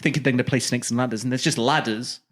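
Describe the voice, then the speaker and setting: A man co-hosting a casual comedy podcast, pitching outlandish ideas with mock-salesman bravado. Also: steady tone, quick pace, fairly bright tone. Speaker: podcast co-host.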